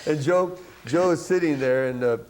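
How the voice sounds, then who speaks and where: A middle-aged man from Buffalo, New York, a jazz saxophonist telling lively anecdotes in a casual interview, laughing and acting out what others said. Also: fairly high pitch, normal speed, noisy background. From Buffalo, New York, USA. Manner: animated, laughing storyteller who acts out quotes. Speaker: guest musician, jazz saxophonist.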